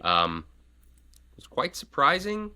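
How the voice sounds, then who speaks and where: A man's voice: on the high side, slow pace, clean tone. A man co-hosting a podcast as a father, telling a story in casual chat with lots of fillers and acted-out quotes. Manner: animated storyteller, acts out quotes, hesitant fillers.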